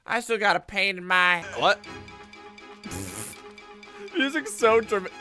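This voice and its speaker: A man streaming a video game, giving casual, excitable commentary full of swearing and jokes. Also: high-pitched, slow pace, faint music behind. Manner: excitable, profane, joking.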